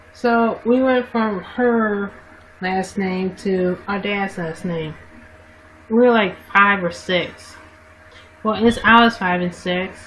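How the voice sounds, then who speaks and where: Through a webcam mic with poor audio and slight background noise, a woman chats casually to her livestream audience in a medium-pitched, fairly bright voice. Her talk wanders, full of self-corrections and restarts.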